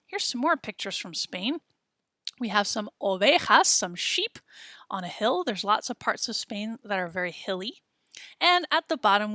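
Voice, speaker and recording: A woman teaching a beginner lesson, explaining patiently and repeating words, recorded in a quiet studio. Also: mid-range voice, dry recording. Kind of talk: classroom lesson narration.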